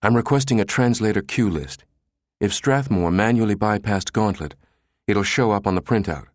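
A man voicing a pushy, fierce middle-aged woman analyst, talking in an insistent, sharp, clipped way. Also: on the low side, normal speed, no room sound, clean studio sound, close to an everyday voice.

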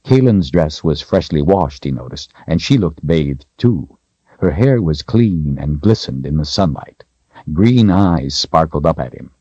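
A man narrates an audiobook in a very deep voice that moves freely through its range. The sound is dry, with no room at all, and comes across dull and lo-fi. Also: lively intonation, a little slow, warm tone, husky, no echo. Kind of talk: scripted narration.

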